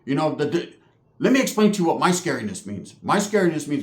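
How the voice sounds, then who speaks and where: A man's voice: a little high, big pitch swings, a little fast. Slangy, profane man telling a story. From California. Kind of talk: casual storytelling. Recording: roomy echo.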